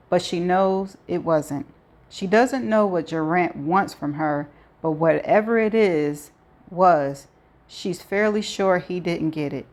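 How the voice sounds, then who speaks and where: A woman's voice: lowish voice, takes it slowly, a little mellow. Woman reading a novel aloud. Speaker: audiobook reader.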